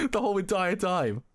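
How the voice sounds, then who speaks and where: Excitable man reacting, lots of laughter. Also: mid-range voice. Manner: excitable, laughs often, swears, stumbles and repeats words. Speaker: streamer reacting to a manga. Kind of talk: live reaction stream, reading aloud and commenting.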